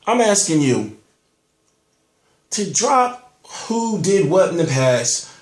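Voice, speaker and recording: A man's voice: high voice, very animated, slow pace, reverberant. A man hosting a boxing show in casual, rambling commentary, firing rhetorical questions and swearing freely. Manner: rambling, rhetorical questions, profane street talk.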